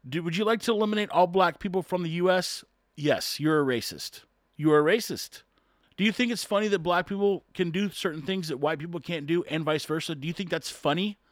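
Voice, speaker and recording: A man's voice: high voice, brisk, dry recording, studio quality. A man giving an earnest opinion monologue, posing rhetorical questions and answering them himself.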